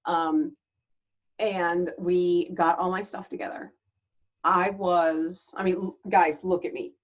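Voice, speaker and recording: A woman hosts her own channel and tells her personal story with a frank, chatty openness, breaking into small laughs between lines. Her voice sits a little low for a woman. The recording sounds dull and lo-fi. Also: steady tone, slow. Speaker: channel host.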